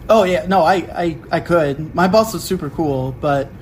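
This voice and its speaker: A young man hosting a casual podcast from home, telling a story in an animated way and acting out quick quotes. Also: on the high side, a little hiss or hum, rough recording. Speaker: podcast host. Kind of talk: casual chat.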